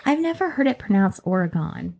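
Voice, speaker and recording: A woman's voice: medium pitch, big pitch swings, brisk, gravelly, a little mellow. A woman co-hosting a podcast in casual chat, laughing often and drifting onto tangents. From Northern Kentucky. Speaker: podcast co-host. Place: indoors, seated on a squeaky chair.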